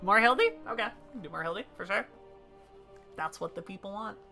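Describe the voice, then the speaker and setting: Woman streamer, bright and forceful tone, chatty, excitable, faint game music behind. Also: mid-range voice, fairly quick, creaky. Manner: chatty and excitable, talking to her viewers. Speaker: livestreamer. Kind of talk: casual live-stream chat while gaming.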